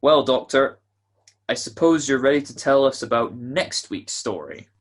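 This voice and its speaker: An actor playing a jovial male announcer of an old-time radio show, with a husky voice and folksy, salesman-like patter. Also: mid-range voice, normal speed, natural voice. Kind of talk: 1940s radio acting.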